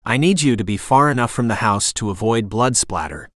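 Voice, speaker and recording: A man's voice: fairly low pitch, expressive, fairly quick, a bit bright, dry recording, studio quality. A man voicing a bitter, vengeful young mother who holds someone at gunpoint, speaking curtly. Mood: cold.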